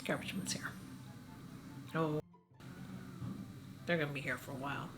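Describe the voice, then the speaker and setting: A woman's voice: lowish voice, normal speed, pauses often, noisy background. Chatty reassuring woman in her forties. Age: 40s. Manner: chatty, reassuring, drops to a whisper at times. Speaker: beauty vlogger. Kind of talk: casual talk to camera.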